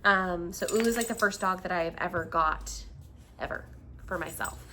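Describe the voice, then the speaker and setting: A woman's voice: on the low side, normal speed, sharp tone, slight background noise. A woman in her thirties from the United States, chatting casually to her viewers, giggly and full of fillers. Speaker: vlog host.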